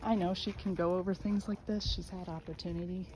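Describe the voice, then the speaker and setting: A woman dog trainer demonstrating outdoors, explaining calmly and then gushing high-pitched praise at a dog. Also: brisk, poor audio. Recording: outdoor noise and birdsong.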